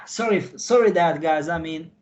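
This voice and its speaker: High-voiced emotional man on a call. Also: lively intonation, unhurried, fairly bright tone. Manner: emotional, apologetic, repeats himself, non-native phrasing. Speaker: insider guest recounting missions.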